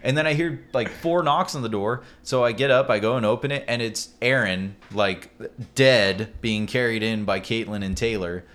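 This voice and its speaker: A man with a medium-pitched voice talks at a normal speed as he co-hosts a podcast. He tells a story in casual chat, animated and swearing freely.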